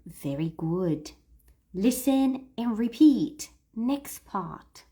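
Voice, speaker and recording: In an English-teaching livestream, a woman with a medium-pitched, somewhat dark voice sounds very animated as she coaches listeners to read aloud and repeat, stressing key words slowly and clearly.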